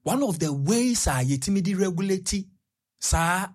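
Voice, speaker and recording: A woman with a Ghanaian accent chatting on a radio show, telling animated stories and switching between Twi and English. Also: mid-range voice, moderate pace, husky. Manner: animated storytelling, code-switching. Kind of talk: casual chat mixing Twi and English.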